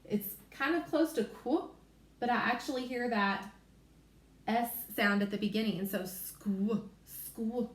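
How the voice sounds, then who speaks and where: A woman teacher giving a recorded phonics lesson to young children, sounding out letters and word parts slowly and clearly. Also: fairly high pitch, echoey room.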